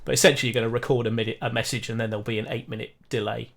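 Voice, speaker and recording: A man's voice: medium pitch, flat delivery, rapid-fire, a bit bright. A man running a tabletop role-play game as game master, talking casually with many fillers and restarts.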